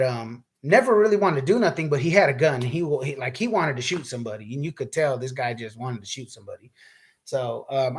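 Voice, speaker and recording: A man casually telling a personal story, laid-back and profane, acting out the quoted lines as he goes. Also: medium pitch.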